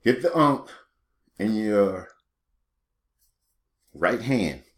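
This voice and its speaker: Man, very deep voice, rambling casual talk, lots of "you know". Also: big pitch swings, extremely slow. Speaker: small channel host teaching meditation. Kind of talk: unscripted spoken guidance.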